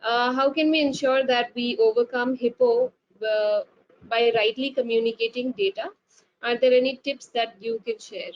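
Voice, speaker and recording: A woman's voice: fairly high pitch, fairly even intonation, moderate pace. Woman moderating a webinar, lo-fi call. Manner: filler-heavy, polite, repeats words. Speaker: webinar host. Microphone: video call. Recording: lo-fi web call with faint hiss.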